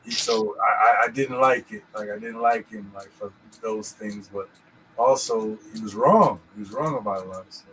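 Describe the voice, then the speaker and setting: A man's voice: lowish voice, normal speed, a bit bright, slight background noise, poor audio. A man co-hosting a casual podcast about scripture, rambling and checking in with "you know what I'm saying". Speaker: podcast host.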